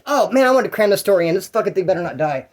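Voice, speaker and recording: Fast-talking high-voiced man telling stories. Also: very animated. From California. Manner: profane, rambling, acts out others' lines. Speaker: former prisoner telling stories. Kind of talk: casual storytelling monologue.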